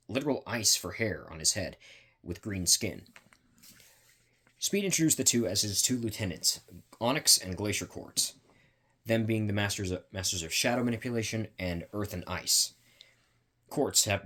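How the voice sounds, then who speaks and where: A man narrates his own fan story in a halting way, often stopping to restart and correct himself. His voice is very deep, with a husky edge. He reads casually, as if working it out on the spot. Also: a bit bright.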